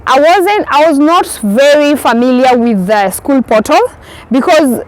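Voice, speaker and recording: Young kenyan woman vlogging, high voice, chatty stories, plays out her own reactions. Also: measured pace, rough recording. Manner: lively storytelling, acts out her own reactions. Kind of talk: casual storytelling vlog.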